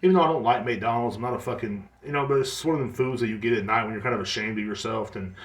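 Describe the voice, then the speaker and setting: A man hosting his own podcast, ranting in a profane, exasperated comedic monologue with quick mimicked asides. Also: fairly low pitch, echoey room. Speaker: podcast host. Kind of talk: solo comedic rant.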